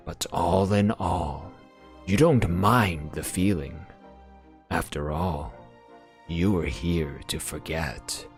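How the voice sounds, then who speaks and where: Deep, slow-reading man narrating. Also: soft background music. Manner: measured, brooding delivery. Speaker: let's-play narrator. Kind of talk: slow dramatic narration of game text.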